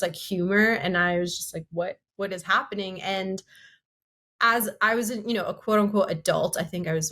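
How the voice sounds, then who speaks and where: A woman co-hosting a casual podcast chat, her voice sitting at an ordinary middle pitch. She tells a personal story candidly and with animation, moving quickly from one thought to the next. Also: pushed and bright. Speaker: podcast co-host.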